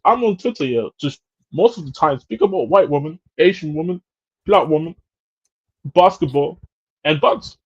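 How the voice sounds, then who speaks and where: A man's voice: fairly high pitch, expressive, normal speed, pauses often, husky, lo-fi sound. A young man, chatting casually as a podcast co-host, laughing often and repeating himself. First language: German. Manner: laughs a lot, repeats "bro". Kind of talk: casual banter.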